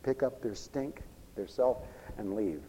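A man preaching a lively sermon, animated and folksy, swinging between loud exclamations and hushed asides, with laughs between lines. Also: fairly low pitch, unhurried, husky. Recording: long hall reverb.

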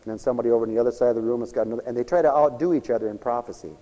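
A man preaching a sermon, swinging from loud high exclamations to low murmurs. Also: racing, long reverb tail, dull audio.

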